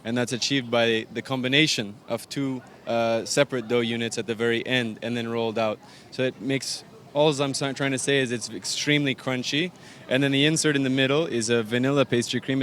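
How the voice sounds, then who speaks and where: Pastry chef explaining outdoors. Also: male voice, medium pitch, steady tone, fairly quick, fairly bright tone. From Arizona, US. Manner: explanatory, detailed, with fillers. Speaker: pastry chef and bakery owner. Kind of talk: on-location interview. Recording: faint outdoor traffic noise.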